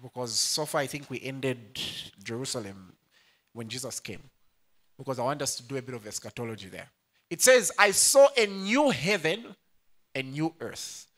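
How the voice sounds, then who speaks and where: A man's voice: medium pitch, moderate pace, fairly bright tone. A young male pastor preaching a sermon, playful, laughing often and calling out to the congregation. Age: young adult.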